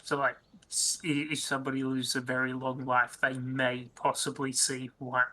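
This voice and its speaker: Guy player at a tabletop game, bright voice, kinda hesitant, thinks out loud. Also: mid-range voice, completely flat delivery, normal speed. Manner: thinks aloud, hesitant restarts. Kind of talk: casual tabletop play.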